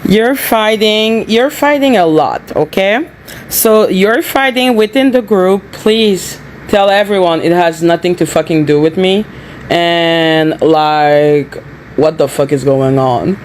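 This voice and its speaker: A woman's voice: on the low side, slow, a little mellow, a little hiss or hum. A woman hosting a live stream, angrily scolding her chat moderators with lots of swearing. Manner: angry, profane, scolding. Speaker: livestream host.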